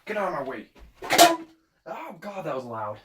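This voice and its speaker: A man vlogging casually, excitable and swearing, talking to himself and his dog. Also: a little high, normal speed, very noisy. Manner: excitable, swears, yelps and shouts at misses. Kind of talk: casual self-talk while filming.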